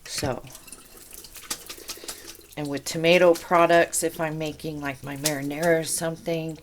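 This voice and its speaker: A woman with a low voice talks slowly and chattily in her home kitchen while she demonstrates canning. She wanders into asides as she works, with a faint hiss of noise under her voice. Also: little pitch movement.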